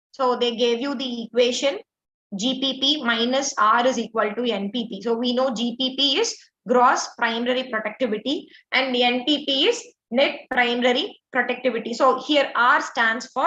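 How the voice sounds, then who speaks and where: A woman's voice: a little high, fairly bright tone. A woman teacher walking through exam answers, explaining step by step with frequent "like" and "uh" fillers. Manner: explanatory, filler-heavy, says "like" and "uh" often. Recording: echoey dull lo-fi audio.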